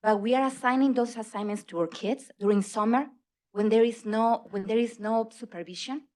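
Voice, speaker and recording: A woman's voice: a little high, fairly even intonation, normal speed, a little mellow. A middle-aged woman with a non-native English accent giving an emphatic public comment at a school board meeting. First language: not English. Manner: earnest, emphatic, slightly broken English. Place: meeting hall.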